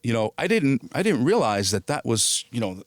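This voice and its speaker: A middle-aged man telling stories as an interview guest, at an average pitch for a man. He acts out the dialogue he quotes, with many restarts and a bit of casual swearing. The sound is close and dry, with no room echo. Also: sing-song, normal speed.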